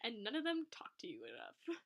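A young woman co-hosting a podcast, reading a fan fiction aloud with lots of laughter and over-the-top excitement. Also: a little high, normal speed, creaky. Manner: animated, laughs often, reads story lines with exaggerated excitement. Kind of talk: casual chat and dramatic reading.

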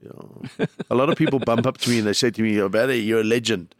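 A man's voice: fairly low pitch, quick pace, dry recording, studio quality. A comedian, a man, talking in an emotional, rambling way as a podcast guest. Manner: rambling, jumps between thoughts.

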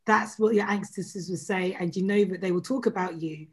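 A woman who is a regular on a podcast panel gives earnest, caring advice. Her voice is husky and slightly breathy. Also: mid-range voice, steady tone, fairly quick. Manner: earnest, advising. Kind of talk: casual panel chat.

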